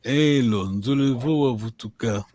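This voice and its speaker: A man teaching a language lesson, giving slow, patient and encouraging drills. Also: medium pitch, a little mellow, no echo.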